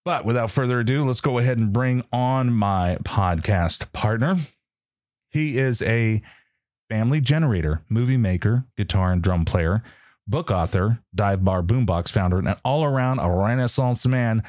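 A man's voice: on the low side, moderate pace, a little mellow, no echo, clean studio sound. A man hosting a pop culture podcast, talking casually and joking at his own slip-ups. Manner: self-mocking, joking. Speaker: podcast host. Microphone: studio mic.

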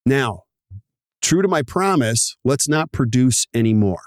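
A man's voice: medium pitch, no room sound, studio quality. A man hosting a podcast, explaining practice numbers with energy and acting out little dialogues. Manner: animated, voices other people in quick asides. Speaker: podcast host. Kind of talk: enthusiastic explaining with acted-out dialogue.

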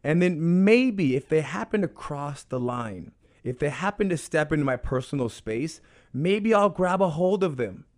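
Male guest, jiu-jitsu instructor, earnest and explanatory, a bit high-pitched. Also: expressive, moderate pace. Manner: earnest, explanatory, repeats phrases for emphasis. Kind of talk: conversational podcast interview.

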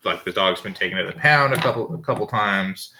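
A man's voice: fairly low pitch, fairly quick, sharp tone, a little hiss or hum. A man in his thirties hosting a podcast from home, telling rambling stories with lots of fillers and swearing. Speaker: podcast host. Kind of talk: casual storytelling monologue. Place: home with dogs barking nearby.

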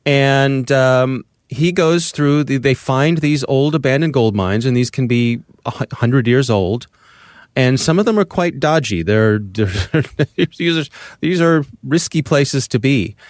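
A man co-hosting a podcast, musing aloud in casual chat at a measured, thoughtful pace. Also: medium pitch, lively intonation, no room sound, studio quality. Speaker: podcast co-host.

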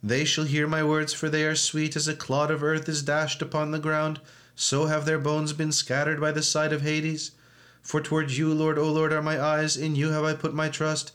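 A man reciting psalms in a steady, flat monotone during an evening church service, moving into chant for some verses. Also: a little high, normal speed. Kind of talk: liturgical reading and chanting.

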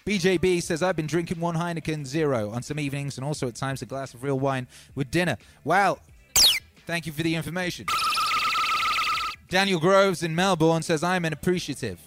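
A man hosting a music livestream, reading out viewers' comments with playful deadpan asides. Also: a little high, brisk. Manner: playful, deadpan asides, frequent ums and uhs.

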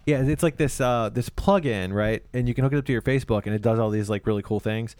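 A man's voice: medium pitch, fast, a little mellow, dry recording. A rambling man in casual talk who stammers and leans on filler words as he goes. His mid-range voice sounds dry and close, with no room around it. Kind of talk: casual chat.

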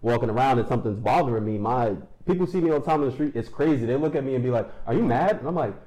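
A man in his twenties from New York, a guest on a casual podcast, talking through his thoughts quickly and reflectively, with slang. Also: medium pitch, dark tone, low-quality recording. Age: 20s. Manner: fast, reflective storytelling with slang.

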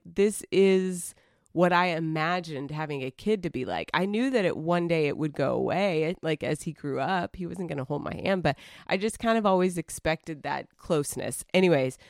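A woman's voice: low voice, no room sound, studio quality. A woman co-hosting a podcast, speaking candidly and emotionally in casual conversation, pushing back at times. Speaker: podcast co-host.

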